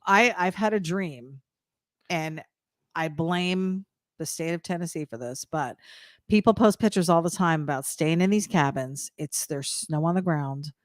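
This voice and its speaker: A woman with a New Jersey accent co-hosting a live stream in casual chat, chatty and quick to laugh. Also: sits low, no room sound, clean studio sound. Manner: chatty, laughs often, reads viewer comments aloud. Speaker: co-host of a live sketching stream.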